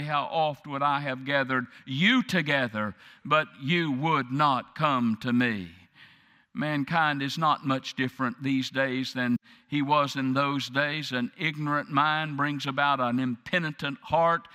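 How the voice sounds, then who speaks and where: A man preaching a sermon, speaking slowly and dramatically and building to impassioned peaks. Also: a little high, pushed and bright, in a large hall. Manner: slow, dramatic preaching that swells to impassioned crescendos.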